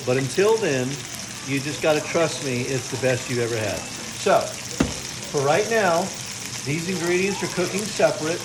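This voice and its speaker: An older man talks through his holiday cooking in a home kitchen, his voice sitting a bit high for a man. He is chatty and playfully proud. Pans fry and sizzle loudly behind him. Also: lively intonation, moderate pace. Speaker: family cook filming a holiday video. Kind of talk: casual home video narration. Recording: home video with kitchen noise. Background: frying sizzle.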